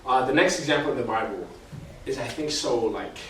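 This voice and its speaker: Echoey distant young preacher, chatty. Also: male voice, mid-range voice, lively intonation, fairly quick, a bit bright, slight background noise. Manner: chatty, full of fillers and slang. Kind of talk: casual sermon. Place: church hall. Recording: echoey hall from far off.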